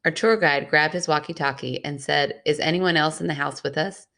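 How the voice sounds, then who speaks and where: Low-voiced woman reading a listener story. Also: steady tone, normal speed, vocal fry, fairly bright tone. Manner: playful, teasing. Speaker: podcast co-host. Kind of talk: reading a listener story aloud, casual chat.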